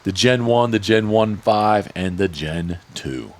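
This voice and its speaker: A man's voice: low-pitched, moderate pace, few pauses. A man hosting a casual podcast, rambling through sponsor reads in an easygoing way. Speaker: podcast host.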